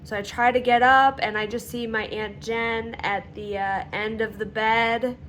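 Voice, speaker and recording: Slow-talking woman recounting a personal story. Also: a little high, steady tone, fairly bright tone, a little hiss or hum. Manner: halting, candid recounting with many fillers. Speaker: vlogger telling her own illness story.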